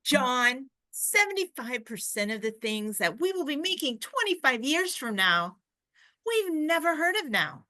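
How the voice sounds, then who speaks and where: A woman reading the part of an older male president on a phone call, putting on a Southern accent, slow and emphatic. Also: high-pitched, sing-song, bright, forceful tone, heavily acted. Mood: earnest. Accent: put-on Southern American. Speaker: reader.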